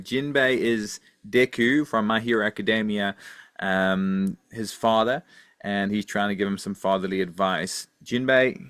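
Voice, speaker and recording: A man's voice: lowish voice, a bit bright, no echo, studio quality. A man hosting a podcast, upbeat and leading the segments with a few fillers. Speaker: podcast host.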